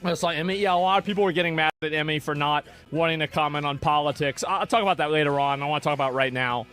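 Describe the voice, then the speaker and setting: A man's voice: fairly high pitch, very fast, fairly bright tone. A man in a played stream clip, talking casually and dismissively, often stumbling over restarts.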